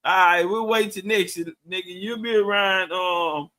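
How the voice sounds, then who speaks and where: Middle-aged man, high voice, bright tone, loose profane livestream chat. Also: moderate pace. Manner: loose, profane, reading and answering viewer comments. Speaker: livestream host.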